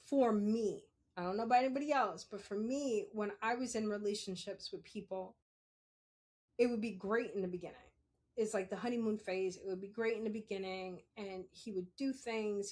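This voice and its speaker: A woman in her forties hosting a podcast, talking casually and candidly, often laughing and correcting herself. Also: on the high side. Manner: chatty, laughs often, self-correcting asides. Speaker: podcast host. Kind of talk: casual monologue.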